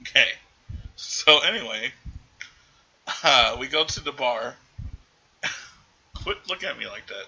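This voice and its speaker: Bright-voiced man recapping a film. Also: medium pitch, animated, takes it slowly, vocal fry, long pauses, dull audio. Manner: rambling retelling full of quoted lines. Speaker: podcast host. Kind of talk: casual film recap chat.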